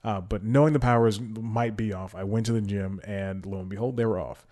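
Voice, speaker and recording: With a lowish, warm voice and a slightly quick delivery, the young podcast host talks casually and meanders from topic to topic, frequently chuckling at himself. He's recording alone at home in a storm-struck city.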